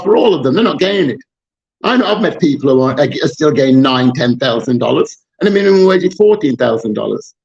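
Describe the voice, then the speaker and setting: Man, higher-pitched, fired-up political chat, muffled lo-fi sound. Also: darkish tone. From Jamaica. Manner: passionate, exasperated, rambling with restarts. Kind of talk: casual political discussion.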